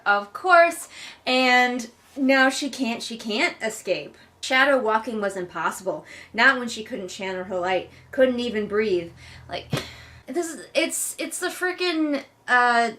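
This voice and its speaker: A woman's voice: fairly high pitch, pushed and bright. A woman hosting a casual book read-along, recapping chapters in a sarcastic, wry way and swearing casually.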